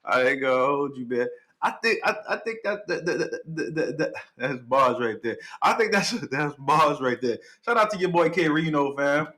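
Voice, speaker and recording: A man's voice: fairly high pitch, normal speed. A young man hosting a reaction video, hyped and chatty, repeating lines he likes and laughing often. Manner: excited, repeats phrases, laughs often, hype interjections. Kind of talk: casual reaction commentary.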